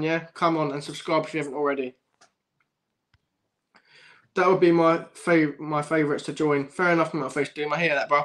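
On a casual football fan livestream, the young host chats with his audience, laughing frequently, swearing plenty and saying "bruv" all the time. His voice is on the high side and a bit bright.

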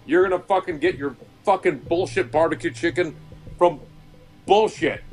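A man on a podcast, ranting loudly with constant swearing and laughing. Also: a little high, normal speed, faint music behind. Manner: loud, swearing, laughing rant. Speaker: podcast co-host. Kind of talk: profane whiskey rant.

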